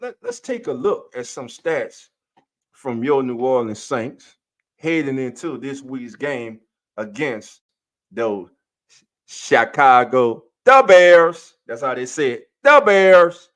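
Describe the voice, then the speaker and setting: A man hosting a live sports podcast stream, casually greeting viewers by name in a loose, energetic way. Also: medium pitch, unhurried. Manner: loose, energetic, calls listeners family and baby. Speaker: podcast host.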